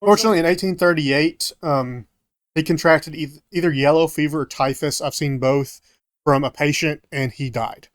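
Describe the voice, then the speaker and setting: A podcast co-host goes through his research notes in a casual way, full of fillers and self-corrections. His somewhat high male voice moves at normal speed in a dry, studio-quality recording.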